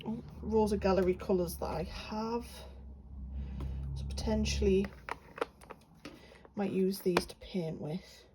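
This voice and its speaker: A woman's voice: medium pitch, steady tone, slow, pauses often, noisy background. A young woman from England chatting casually about her paints, rambling with lots of fillers. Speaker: art vlogger. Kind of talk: casual chat while swatching paints.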